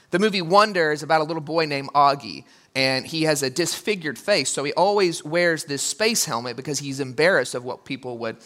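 A man preaching a sermon as pastor, animated and acting out quotes with sudden jumps in pitch.

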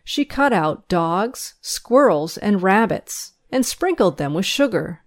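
A woman reads a school paper aloud, covering both its news and its stories in a measured yet expressive storytelling style. Her voice is medium-pitched.

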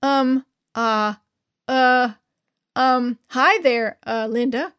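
A woman's voice: high-pitched, steady tone, extremely slow, fairly bright tone, clean tone, exaggerated voice. A woman voicing a flustered sixth-grade boy who stutters with nerves. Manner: stammering, nervous.

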